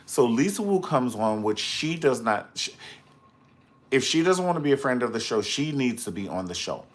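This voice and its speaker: Sassy, lively man gossiping on a live stream. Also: mid-range voice, moderate pace. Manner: sassy, dramatic and gossipy, full of slang asides; chats with viewers in the live comments. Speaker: live-stream reality TV reviewer. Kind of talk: casual live-stream commentary.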